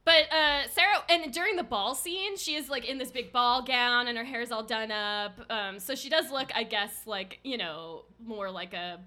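Young woman, podcast co-host, bright and a touch high, animated film recap with frequent laughs. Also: normal speed, hardly any pauses. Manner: animated storytelling, laughing often. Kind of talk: casual chat.

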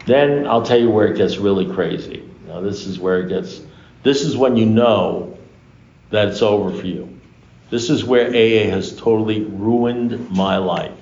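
Gravelly man telling stories in an echoey room. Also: on the low side, measured pace. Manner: animated storyteller acting out dialogue, swears freely. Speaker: recovery meeting speaker. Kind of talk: storytelling talk to an audience. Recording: echoey room, dull lo-fi sound.

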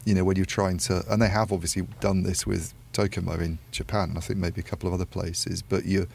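A man with a very deep, gravelly voice talks in a flat, even way as he chats on a podcast. He thinks aloud and wanders through asides, and he sounds unhurried. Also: a little hiss or hum. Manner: thoughtful, rambling with many asides. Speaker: podcast panelist. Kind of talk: casual analytical discussion.

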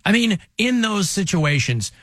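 A man's voice: high-pitched, big pitch swings, unhurried, fairly bright tone, dry recording, studio quality. A man hosting a talk radio show, chatting casually with a wry, joking manner and rambling asides.

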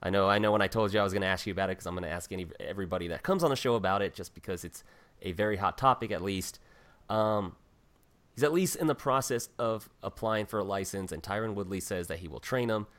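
A man hosting a casual interview show, relaxed, laughing often and repeating words as he gets going. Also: low voice, fast. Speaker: podcast host.

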